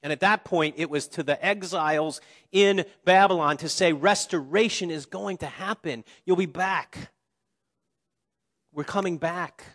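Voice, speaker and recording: A man preaching a sermon, repeating key phrases slowly and letting his voice fall quiet at the ends of lines. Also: fairly high pitch. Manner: preaching with slow emphatic repetitions and dramatic drops in volume. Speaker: pastor. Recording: long reverb of a large hall.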